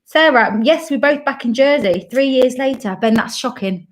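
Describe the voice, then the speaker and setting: A woman's voice: high-pitched, lively intonation, normal speed. A woman from Coventry in her thirties, chatting casually and laughing often on a live stream. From Coventry, England. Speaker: dementia carer and travel vlogger.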